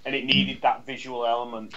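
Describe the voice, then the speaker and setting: A man's voice: mid-range voice, level tone, fairly quick, vocal fry, a crowd in the background. A man co-hosting a casual podcast, stammering and repeating words as he laughs along. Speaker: podcast co-host. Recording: slightly dull lo-fi mic.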